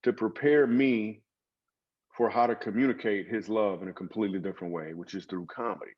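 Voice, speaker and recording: A man, a comedian guest in an interview, telling stories in a lively comic way with acted asides. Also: on the low side, fairly quick, dull audio. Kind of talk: storytelling interview talk.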